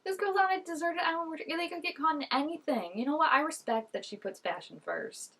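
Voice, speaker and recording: A woman's voice: high voice, brisk, bright, forceful tone. A woman chatting and giggling through a TV episode, talking back to the characters on screen. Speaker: vlogger reacting to a TV episode. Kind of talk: casual reaction commentary.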